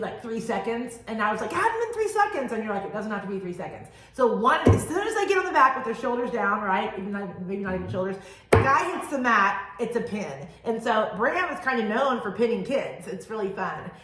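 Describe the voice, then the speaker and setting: A fairly high-voiced woman in her thirties chats through a podcast, animated and storytelling. Her talk rings around an echoey room. She sounds casual and quick to jump in. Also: slight background noise. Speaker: podcast co-host. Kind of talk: casual chat.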